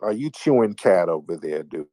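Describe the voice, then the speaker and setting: Very animated yet mellow, this man's voice sits low and moves at normal speed on a dry recording. As host of a late-night livestream call-in, he teases his callers with mocking sing-song banter.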